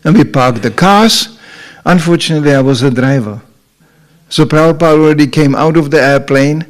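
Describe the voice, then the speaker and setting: Man, monk's story talk, lively, voices acted out, slightly high. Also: normal speed. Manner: animated storytelling, acting out voices and laughing. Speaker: monk giving a talk. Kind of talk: anecdotal spiritual talk.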